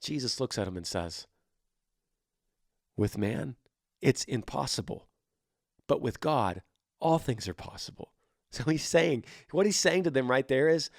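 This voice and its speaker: An earnest man in his thirties hosting a casual faith podcast, speaking at a middle pitch. He talks in an animated way, restarting and repeating words, and now and then acts out quoted voices. The sound is dry and close, with no room echo. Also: moderate pace. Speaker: podcast host.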